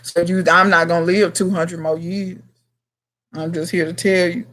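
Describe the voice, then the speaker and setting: A woman's voice: fairly low pitch, fairly even intonation, normal speed, fairly bright tone. A woman in her thirties hosting a casual livestream chat, talking bluntly to her viewers in slangy, emphatic speech. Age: 30s. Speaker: gardening channel host.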